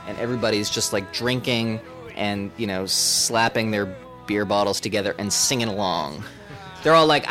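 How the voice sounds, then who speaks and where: A man from Boston who works as a radio reporter, telling a story in a casual, chatty way. His pitch moves a lot as he goes, and he slips into a higher voice when he quotes other people. Faint music sits in the background. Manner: animated, acts out quoted voices in falsetto. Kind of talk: storytelling anecdote.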